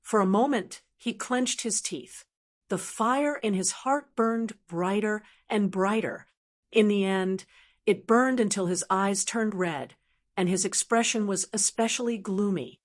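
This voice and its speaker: A woman narrating an audiobook with steady, even storytelling. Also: medium pitch, a little slow. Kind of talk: scripted narration.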